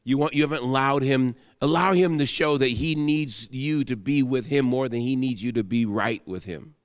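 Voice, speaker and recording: A guest pastor preaching an emotional sermon, rising to exclamations and then falling soft into prayer. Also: male voice, medium pitch, moderate pace, big-room sound.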